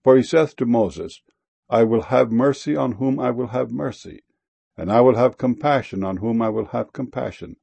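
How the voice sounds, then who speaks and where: Man, scripture reading, gravelly, husky, solemn and measured. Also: mid-range voice, mellow.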